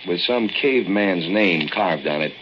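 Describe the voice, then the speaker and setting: Sardonic husband, very deep voice, lively intonation, dull hissy old radio disc. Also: male voice, unhurried. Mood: dry. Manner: dry, sardonic. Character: dry-witted husband in a cave. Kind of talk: 1940s radio acting.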